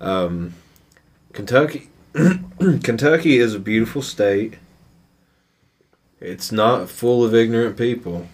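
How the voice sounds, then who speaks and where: A man's voice: fairly low pitch, takes it slowly, long pauses. Plain-spoken Appalachian man. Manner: blunt, profane. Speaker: podcast co-host. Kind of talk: casual chat.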